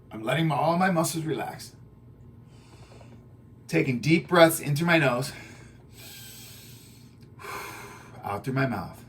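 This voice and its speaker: A man's voice: medium pitch, slight background noise. Chatty man teaching from a book. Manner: chatty and repetitive, quizzing listeners with "right?" and "okay?". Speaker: teacher reading through his self-help book. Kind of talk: audio lesson, reading aloud and explaining. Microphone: audio-only recording.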